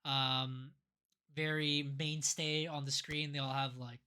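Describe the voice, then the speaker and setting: Podcast co-host, bright tone, rambling casual recap with lots of restarts. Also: mid-range voice, flat delivery, slow pace, smooth. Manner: rambling, with many fillers and restarts. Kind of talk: casual wrestling recap chat.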